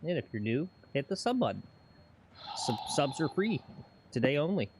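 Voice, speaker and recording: A man's voice: on the high side, sing-song, normal speed, background noise. A man co-hosting a casual golf livestream, reading chat and teasing with mock announcer bits.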